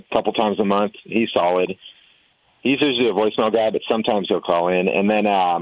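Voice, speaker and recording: Man, low voice, opinionated casual chat, dry tinny phone sound. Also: no room sound. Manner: candid, opinionated, mimics callers. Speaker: podcast roundtable guest.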